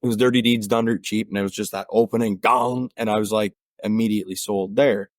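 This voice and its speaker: A man with an Ottawa Valley country twang, chatting casually as a guest in an interview, relaxed and rambling with fillers and restarts. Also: on the low side, fairly quick, no room sound, studio quality. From Ontario, Canada. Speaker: guest musician.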